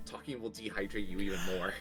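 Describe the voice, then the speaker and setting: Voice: sits low, a bit bright. A player in a tabletop game on a stream, chatting casually and playfully. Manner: joking, playful.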